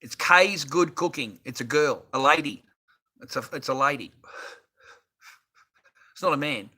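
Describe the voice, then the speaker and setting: Casting: Australian man, middle-aged, livestream host, bright, sweary and chatty, phone mic. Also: on the high side, animated, measured pace. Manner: rambling, profane, laughing often. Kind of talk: casual livestream chat. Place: garage workshop. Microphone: phone on a holder.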